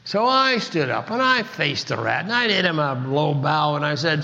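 A man's voice: a little high, big pitch swings, normal speed, vocal fry, hardly any pauses, sharp tone, lo-fi sound. An older man from Kansas giving an earnest motivational talk, telling his story with emphatic repetition. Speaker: speaker.

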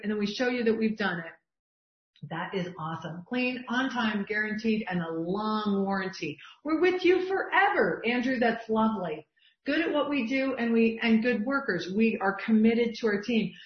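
A woman's voice: a little high, expressive, moderate pace. A middle-aged woman leading an online group coaching session, talking with emphatic enthusiasm as she reads from shared lists. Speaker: business coach. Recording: dull, roomy video-call audio.

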